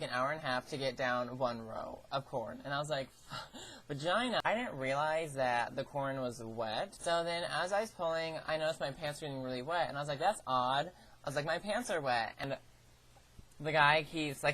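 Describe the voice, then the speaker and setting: A woman's voice: rumbling low, fairly bright tone. A teenage girl vlogging, telling a story in a chatty way, swearing often and acting out what people said. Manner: chatty, swears a lot, acts out quoted lines. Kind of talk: casual storytelling.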